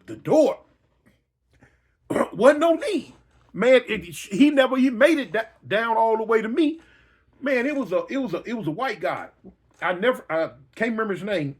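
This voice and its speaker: A man telling a personal story dramatically, acting out yells and reactions. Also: extremely high pitch. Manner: dramatic, acts out yells and voices, slangy.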